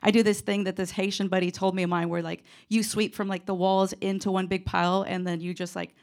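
Gravelly woman telling a funny story. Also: medium pitch, little pitch movement, fairly quick, darkish tone. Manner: rambling, self-mocking, lots of fillers. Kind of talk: comedic storytelling.

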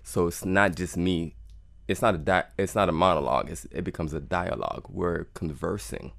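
A man's voice: low voice, steady tone, normal speed, vocal fry, a bit bright, no room sound. A man, a cellist, talking earnestly in an interview and reflecting on his music. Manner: earnest, reflective, repeats words. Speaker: cellist guest. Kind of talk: conversational interview.

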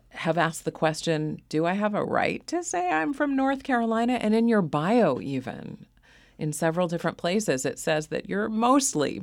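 A woman hosting a public radio interview, asking questions in a measured way. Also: deep voice, a little mellow, dry recording. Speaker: radio host.

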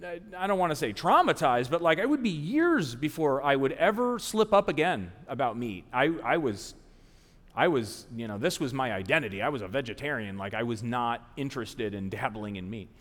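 A man in his forties from the American South telling a live story on stage in an animated, self-mocking way, acting out the people he quotes. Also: mid-range voice, moderate pace. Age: 40s. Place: large theater stage before an audience. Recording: long theater hall reverb.

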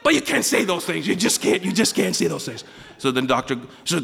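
Animated, high-pitched male storyteller. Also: brisk, gravelly, in a large hall. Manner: animated, stammering restarts, comic exaggeration. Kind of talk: live personal storytelling.

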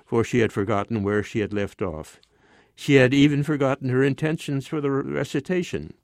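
Man, story narration, measured, even, mid-pitched, dry close mic. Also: dry recording. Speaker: story reader. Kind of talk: scripted narration.

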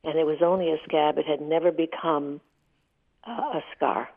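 A woman's voice: low-pitched, fairly even intonation, normal speed. Older woman telling her story over a phone line. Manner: vivid, emotional storyteller. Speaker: interview guest. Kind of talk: candid storytelling interview.

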